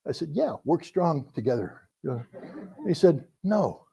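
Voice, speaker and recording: A middle-aged man tells a story to an audience, bringing the people in his anecdotes to life with voices. His voice sits a little high and has a soft, mellow tone. The recording sounds dull and lo-fi. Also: big pitch swings, measured pace, vocal fry, husky. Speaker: speaker telling a story to an audience.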